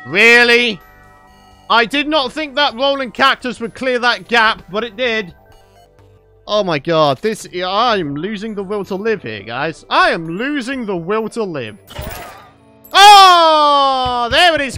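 Guy doing let's play commentary, bright voice, jumps all over in pitch. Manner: excitable, exclaiming and laughing often. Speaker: gaming YouTuber.

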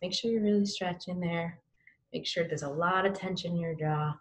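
A woman teaching artist leading a home lesson, lively and encouraging as she demonstrates each exercise. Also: lowish voice, moderate pace. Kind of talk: guided lesson for kids at home.

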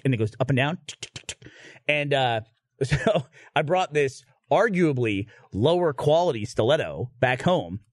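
A man hosting a podcast, telling a story in a casual, animated way, swearing and laughing through it. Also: mid-range voice, unhurried, dry recording, clean studio sound.

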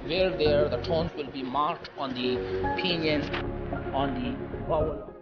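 A man teaching a recorded language lecture, explaining step by step in a deliberate, repetitive way with many pauses. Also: on the high side, steady tone. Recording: dull lo-fi audio with loud music.

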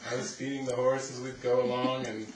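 Man, spiritual teacher type, rambling animated storyteller; distant mic, echoey hall. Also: mid-range voice, a little fast. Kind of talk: casual storytelling talk. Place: retreat hall. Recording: roomy, distant, noisy ambience.

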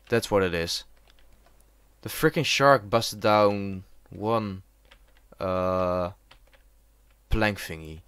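Slow, frustrated man cursing at a game. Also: sits low, dry recording. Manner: swears and shouts in frustration at the game. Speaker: gaming YouTuber. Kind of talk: let's play commentary.

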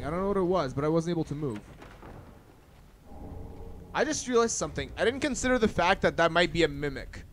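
A young man commentating a blind playthrough of a hard video game, swearing and shouting at enemies, then muttering to himself. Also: a little hiss or hum. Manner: swearing, yelling at enemies, sudden pitch jumps. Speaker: gaming channel host. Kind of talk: blind let's play commentary.

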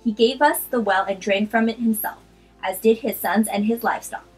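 A woman's voice: fairly high pitch, normal speed, soft background music, lightly acted. A woman voicing the Samaritan woman at the well as a valley girl while reading scripture aloud. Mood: questioning.

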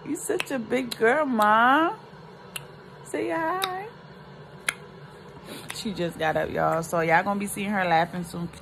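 A young woman and mother chatting slowly and emotionally to her viewers in a casual family vlog, filmed on a phone. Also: mid-range voice, gravelly, background noise. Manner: slow, emotional, talks to viewers as "y'all". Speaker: vlogger and mother.

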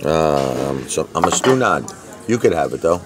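Deep-voiced chatty man vlogging at a restaurant. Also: big pitch swings, a little slow, noisy background. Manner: chatty, rambling, restarts sentences. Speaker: vlogger ordering food at a restaurant. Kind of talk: casual chat to camera. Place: restaurant table.

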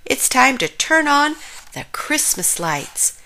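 A woman voicing an excitable little male frog in a storybook read-aloud, asking eager, squealing questions. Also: sits high, takes it slowly, voice pushed up, full character voice. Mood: excited.

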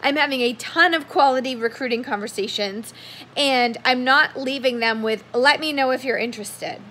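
A woman's voice: sits high, normal speed, a bit bright. A young woman giving casual coaching tips on sales conversations in an upbeat way, sometimes acting out sample messages. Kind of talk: casual coaching talk to camera.

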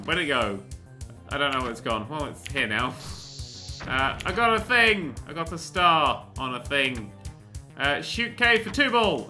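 A man giving rambling, excitable gameplay commentary and swearing often as he plays. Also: a little high. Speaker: let's play host.

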